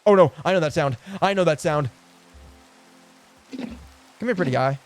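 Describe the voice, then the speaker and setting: Excitable, chatty male game streamer. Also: fairly high pitch, moderate pace, faint music behind. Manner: chatty, excitable, swears and laughs often; coos affectionately at in-game animals. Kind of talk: casual live gameplay commentary.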